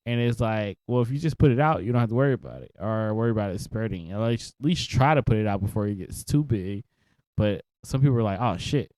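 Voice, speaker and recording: A man's voice: fairly low pitch, animated, fast, warm tone, dry recording. A man co-hosting a podcast in casual chat, laid-back and laughing easily, swearing now and then. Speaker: podcast co-host.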